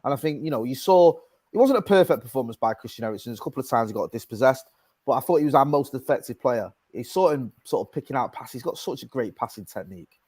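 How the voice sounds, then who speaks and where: A man's voice: mid-range voice, animated, fast talker, darkish tone, breathy edge, dry recording. A man giving his views as a panelist in a casual football chat, rambling with many fillers and restarts.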